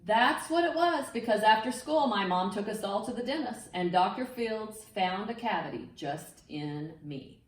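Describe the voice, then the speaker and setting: A woman reading a picture book aloud to children, with an expressive, sing-song delivery that invites the listeners to join in. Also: mid-range voice, moderate pace, few pauses. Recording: echoey room, mic set far off.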